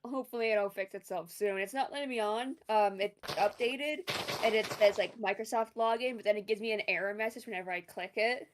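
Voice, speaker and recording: A woman's voice: medium pitch, a little fast, noisy background. Playful laughing woman on a game call. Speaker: co-player on call. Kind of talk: casual gaming chat.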